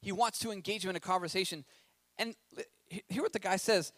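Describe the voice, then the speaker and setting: Animated high-voiced male preacher. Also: fast, no room sound. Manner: animated, conversational preaching with asides and rhetorical questions. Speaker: pastor. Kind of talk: sermon reading and commenting on scripture.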